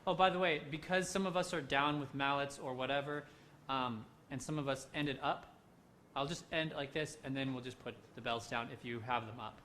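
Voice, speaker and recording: A man's voice: medium pitch, steady tone, normal speed, fairly bright tone, slight background noise. A man leading a handbell rehearsal over a video call, encouraging the ringers while singing rhythms and counting beats aloud. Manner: upbeat, encouraging. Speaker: handbell choir conductor. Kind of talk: rehearsal instruction.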